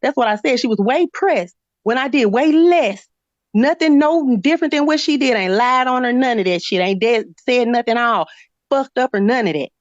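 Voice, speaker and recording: A woman's voice: a little high, normal speed, dry recording. A woman in a heated live-stream argument, blunt and profane, repeating her point over and over. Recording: slightly muffled, dry.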